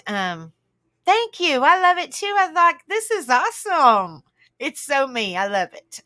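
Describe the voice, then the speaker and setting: A woman's voice: medium pitch, dry recording. A woman hosting a casual livestream, greeting viewers by name and chatting. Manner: warm greetings to viewers, calling them honey and sister, laughing often. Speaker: livestream host.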